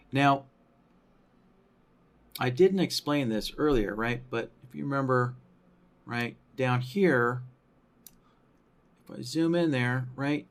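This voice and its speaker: A man walks viewers through trading software at an unhurried pace, thinking aloud as he goes. His voice sits at a middle pitch, and he keeps checking in with a habitual "right?". His explanations are padded with "you know" and "um". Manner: thinking aloud, frequent tag question "right?"; many fillers like "you know" and "um". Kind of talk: screen-recorded software tutorial.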